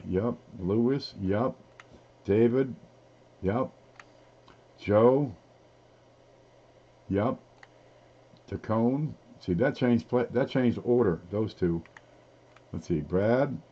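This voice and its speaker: A man's voice: fairly low pitch, lo-fi sound. A man hosting a casual live-stream giveaway, talking in a folksy, rambling way as he reads off items one by one. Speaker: livestream giveaway host.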